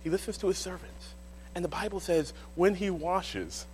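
Animated man preaching a sermon. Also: high voice, moderate pace, breathy edge. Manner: animated, dramatic storytelling with acted voices.

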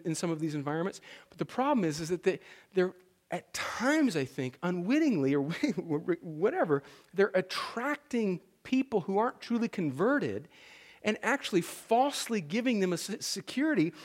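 Man, pastor, sermon, high voice, chatty and emphatic delivery, frequent restarts.

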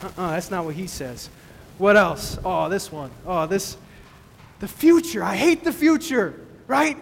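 A man preaching a sermon as pastor, speaking emphatically and rising to excited bursts. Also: sits high, measured pace, gravelly. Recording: long reverb of a large hall.

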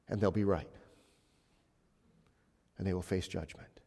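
A male pastor preaching a sermon with emphasis, swinging between loud passages and hushed ones. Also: low-pitched, fairly even intonation, a little slow, vocal fry. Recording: long reverb of a large hall.

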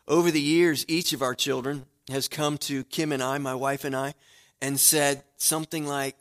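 A middle-aged man preaching a sermon as pastor, talking straight to his congregation and swinging from hushed asides to loud, emphatic declarations in a church sanctuary. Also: on the high side, fairly even intonation, normal speed. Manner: conversational, direct address to the congregation.

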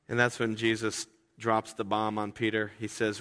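Animated pastor preaching in an echoing hall. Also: male voice, fast talker. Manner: conversational, acts out quoted voices with big pitch jumps. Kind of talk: sermon. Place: church sanctuary. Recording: reverberant hall.

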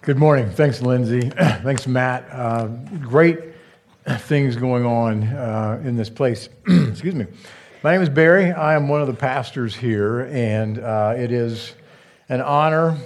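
Chatty man preaching, halting and joking. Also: medium pitch. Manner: halting, with fillers and light joking asides. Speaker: pastor. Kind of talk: conversational sermon.

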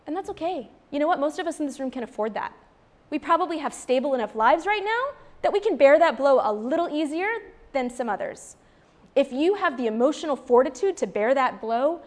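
A woman in her thirties, a street outreach worker, giving an earnest, emphatic faith talk to a live audience and repeating phrases for stress. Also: high-pitched.

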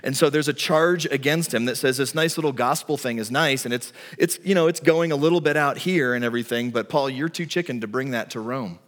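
A man's voice: mid-range voice, a little fast, hardly any pauses. Conversational male pastor in a reverberant hall. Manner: conversational, storytelling delivery. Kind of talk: sermon. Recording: long reverb of a large hall.

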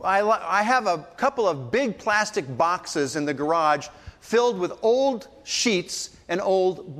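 Older man, sermon, high-pitched voice, long church reverb, storytelling manner. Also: fairly bright tone. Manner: storytelling, acts out voices in quotes. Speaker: pastor.

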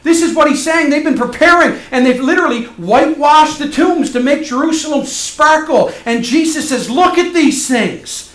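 A male pastor preaching a sermon, swinging from loud emphatic passages to soft hushed ones. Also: extremely high pitch, normal speed, few pauses, reverberant.

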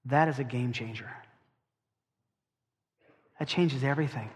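A man preaching a sermon. He is emphatic, asks rhetorical questions, and slows down to stress key phrases. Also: mid-range voice, husky, in a large hall.

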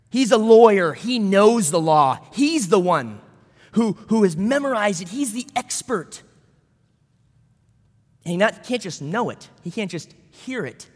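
A man's voice: high voice, in a large hall. A man pastor preaching a sermon in a conversational way, with storytelling asides.

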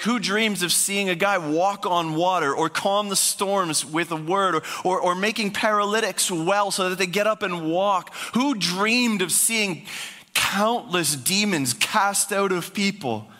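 A man's voice: high voice, bright, forceful tone, big-room sound. A man preaching a sermon as pastor, speaking in a conversational, emphatic way.

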